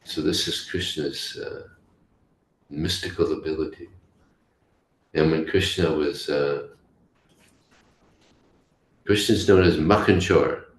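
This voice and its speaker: A man teaching a scripture class, telling stories in a halting way with restarts. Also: a bass voice, steady tone. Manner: halting, with restarts and story voices. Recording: echoey room, faint hiss.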